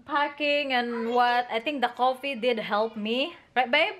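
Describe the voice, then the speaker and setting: A woman, chatting excitably and laughing often as a mother in a casual family vlog. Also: a little high, a little slow. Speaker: vlogger mom.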